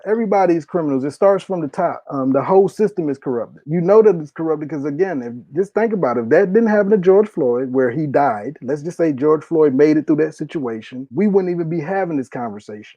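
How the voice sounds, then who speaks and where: A man in his thirties rants through political commentary, swearing freely and driving each point home by repeating it. His voice is fairly high for a man but mellow and dark. The recording is dull and lo-fi, with a dry, close sound. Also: dry recording. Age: 30s. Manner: heated, profane, repetitive emphasis. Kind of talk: impassioned solo commentary.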